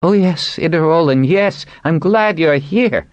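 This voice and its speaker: Male narrator doing a high, eager scientist, light-voiced. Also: normal speed, no room sound. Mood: excited. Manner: excited, eager. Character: excitable male astronomer, light voice.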